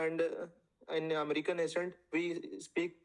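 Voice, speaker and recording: Male student, hesitant, keeps saying sir, slightly high voice. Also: fairly even intonation, moderate pace, rough recording. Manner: hesitant, says "sir" often. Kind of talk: answering in class. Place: lecture classroom.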